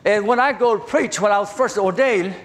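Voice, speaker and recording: An older man with a Southern accent and a very high voice preaches a testimony sermon. He talks in a folksy, halting way and often doubles back on his words. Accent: Southern American. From southern Virginia, USA.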